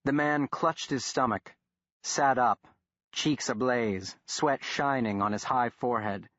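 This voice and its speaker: Man reading a horror audiobook, middle pitch, steady, kinda muffled dry recording. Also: takes it slowly, no echo. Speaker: audiobook narrator. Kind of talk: scripted narration.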